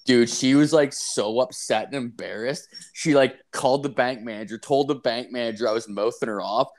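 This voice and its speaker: A man's voice: medium pitch, normal speed. A young man hosting a podcast, telling a story in a rambling, profane, casual way with lots of filler words.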